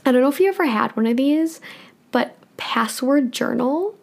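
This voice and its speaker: A woman's voice: high-pitched, animated, moderate pace, vocal fry. Chatty young woman, lots of "like". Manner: chatty, laughs often, says "like" a lot. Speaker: podcast co-host. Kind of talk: casual chat.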